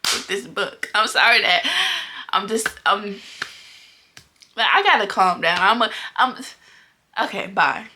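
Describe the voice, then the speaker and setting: Bright-voiced young woman venting to camera. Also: medium pitch, measured pace, pauses often. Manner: exasperated, venting with repeated exclamations. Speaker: book vlogger. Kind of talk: casual vlog talk to camera.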